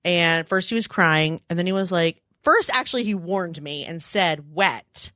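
A woman in her forties co-hosting a casual chat show, acting out quoted lines with big animated voices. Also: on the low side, unhurried, no room sound, clean studio sound. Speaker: podcast co-host.

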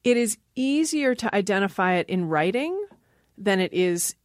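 A woman's voice: mid-range voice, lively intonation, normal speed, dry recording, clean studio sound. A woman linguist explaining language in an interview, often laughing as she talks. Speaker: linguist guest. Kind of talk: interview talk.

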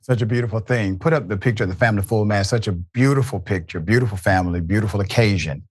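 Low-voiced man hosting a talk show. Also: heavy background noise. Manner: measured, warm praise, addresses guest as dear brother. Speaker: host.

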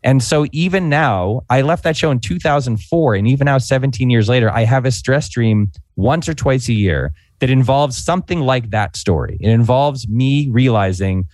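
Animated storytelling man, dry close sound. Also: medium pitch, no room sound. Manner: animated, fast-paced anecdote with frequent "like" fillers. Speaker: podcast guest, former comedy writer. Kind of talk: storytelling in casual chat. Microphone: podcast microphone.

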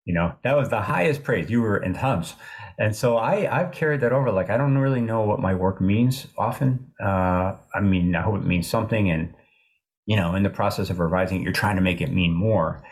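A man in his sixties, an author in an interview, talking in a thoughtful, halting way with many restarts. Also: fairly low pitch. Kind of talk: reflective interview talk.

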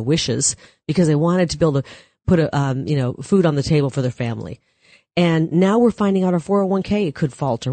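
A woman's voice: low voice, mellow, no echo. A middle-aged woman talking as a guest on a political talk show, emphatic and punchy.

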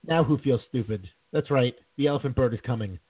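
A man co-hosting a casual podcast, rough and husky in tone, launching into animated mock-dramatic rants. His voice comes through thin and tinny, like over a phone line, with no room sound at all. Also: mid-range voice, a little fast, dry recording. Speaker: podcast co-host. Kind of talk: casual chat.

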